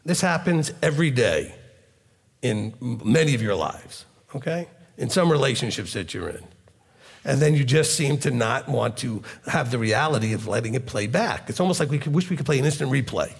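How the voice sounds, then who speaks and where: A man's voice: medium pitch, normal speed, gravelly, big-room sound. A man teaching as a rabbi, asking rhetorical questions and acting out both sides of everyday arguments. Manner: animated, acts out dialogue, rhetorical questions.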